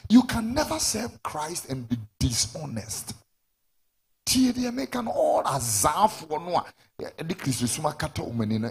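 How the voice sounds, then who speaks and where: Ghanaian male preacher, husky and raspy, lively pitch, sermon delivery. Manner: switches to shouting for emphasis.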